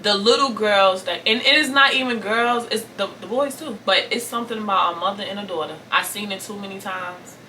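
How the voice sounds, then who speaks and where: A woman in her thirties from Brooklyn speaks to her camera in a raw, tearful vent, repeating phrases and swinging between forceful declarations and soft pleading. Her voice is bright and edged. The mic sits a little away from her, with a faint hiss in the background. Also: mid-range voice, brisk, hardly any pauses, far from the mic, rough recording. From Brooklyn, New York. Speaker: vlogger. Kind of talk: emotional storytime vent to camera.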